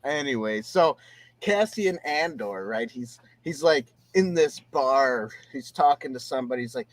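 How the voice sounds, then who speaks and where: A man's voice: medium pitch, animated, a little slow. A man co-hosting a casual talk show, retelling a show with rambling restarts and laughter. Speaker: podcast co-host.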